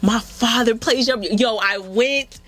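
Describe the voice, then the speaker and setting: A woman guest in a casual interview, telling stories in an animated way and acting out quotes. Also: on the high side, measured pace. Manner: animated, acts out quotes with lots of "yo". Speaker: interview guest, film director and photographer.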